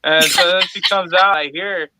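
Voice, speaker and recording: A man's voice: high-pitched, normal speed, background noise. A man in his thirties on a podcast, telling a family anecdote in casual chat and acting out the voices in it. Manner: animated, acts out voices in anecdotes.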